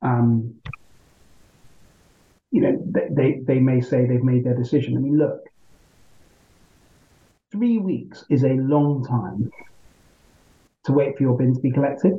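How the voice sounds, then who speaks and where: A male member of parliament answering interview questions in a measured, argumentative way, often checking in with "right?". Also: medium pitch, echoey room, narrow, tinny audio.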